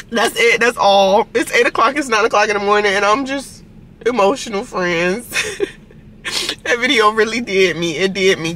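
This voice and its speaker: A woman's voice: mid-range voice, moderate pace, fairly bright tone, slight background noise. A young woman, chatting casually to camera for her vlog, telling stories in an earnest, rambling way and acting out both sides of conversations. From Norfolk, Virginia. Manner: earnest, rambling storytelling with quoted back-and-forth. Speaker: vlogger.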